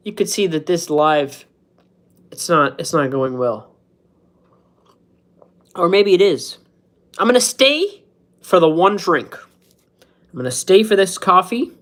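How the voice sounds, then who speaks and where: Man, 30s, casual home streamer; goofy, rambling, self-deprecating humor. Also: a little high. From United States. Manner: joking, self-mocking, laughs at his own jokes. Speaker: streamer hosting a live stream. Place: at home, indoors.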